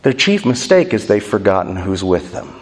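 A man preaching an expository sermon. He slows down and sinks low and quiet on key words for emphasis. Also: sing-song. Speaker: pastor. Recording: long reverb of a large hall.

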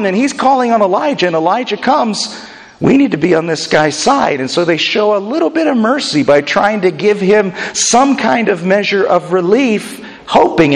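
A man's voice: animated, moderate pace. Preaching man in an echoing hall. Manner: expository, rising to emphatic pitch when quoting. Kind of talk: sermon.

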